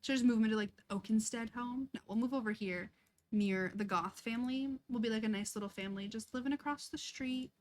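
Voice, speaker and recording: A woman's voice: a little high, fast. A young woman chatting casually and laughing often as she streams a life-sim game, chatty and self-deprecating. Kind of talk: casual live-stream chat while playing.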